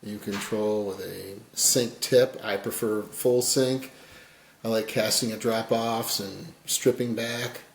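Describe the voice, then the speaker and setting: A man giving a casual fly tying tutorial, rambling and folksy, his voice often dropping quiet as he works. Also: on the low side, steady tone, takes it slowly, creaky, echoey room, a little hiss or hum.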